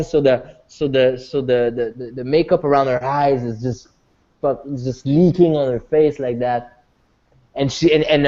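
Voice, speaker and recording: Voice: medium pitch, darkish tone. A game master narrating a tabletop game, rambling and restarting often. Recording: dull lo-fi recording.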